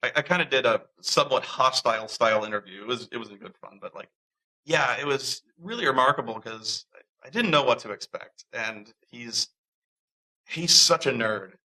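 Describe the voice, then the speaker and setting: A man telling a story in a casual, animated way, acting out the voices of people he quotes and often restarting his sentences. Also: mid-range voice, normal speed, low-quality recording. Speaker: interviewee.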